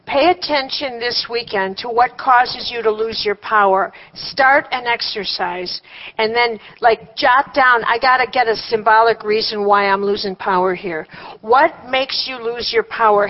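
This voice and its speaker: Woman teaching a workshop, lo-fi. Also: fairly high pitch. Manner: conversational, with rhetorical questions and wry humor. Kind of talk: live workshop talk to a group. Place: room with a seated group.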